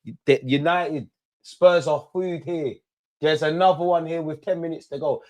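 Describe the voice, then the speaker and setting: A young man doing a live football watch-along, shouting at players and the referee in slangy banter. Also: on the high side, fairly even intonation, normal speed.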